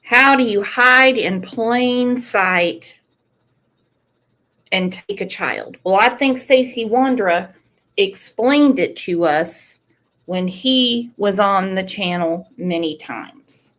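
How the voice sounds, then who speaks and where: A woman hosts a true crime show in an unhurried, earnest way, speaking straight to her viewers. Her pitch sits in a middle range and she takes her time over each thought. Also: fairly bright tone. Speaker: true crime channel host. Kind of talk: casual commentary on a livestream.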